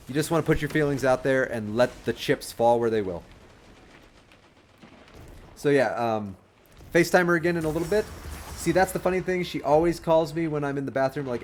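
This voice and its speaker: Chatty young man, slightly high voice. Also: slight background noise. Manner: rambling and friendly, with many restarts and chuckles. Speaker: livestream gamer giving dating advice to chat. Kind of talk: casual livestream commentary.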